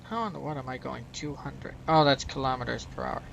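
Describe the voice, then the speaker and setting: Gravelly American man rambling over gameplay. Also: mid-range voice, brisk, a bit bright, slight background noise, rough recording. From United States. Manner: rambling, self-mocking, chuckles at his own mistakes. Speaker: gaming channel host. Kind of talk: casual gameplay commentary.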